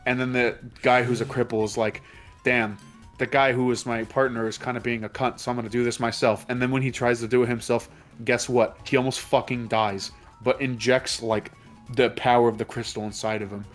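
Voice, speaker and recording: A man's voice: medium pitch, level tone, brisk, soft background music. A man hosting a let's play commentary, recapping a plot in a rambling, profane way with his friends. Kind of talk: casual game commentary with friends.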